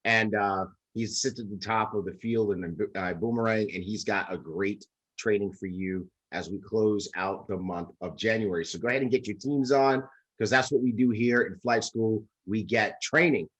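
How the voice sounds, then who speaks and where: A man hosting a weekly livestream training, reading out viewer shout-outs in an upbeat, hyped-up way. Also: lowish voice, normal speed, poor audio. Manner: upbeat, hype. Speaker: host.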